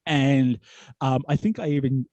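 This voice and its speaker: A man's voice: mid-range voice, unhurried, dark tone, no room sound. An Australian man, a wrestling commentator, telling stories in a casual podcast chat, rambling with many fillers and restarts. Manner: rambling storyteller with many ums, likes and restarts. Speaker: wrestling commentator and promoter, guest.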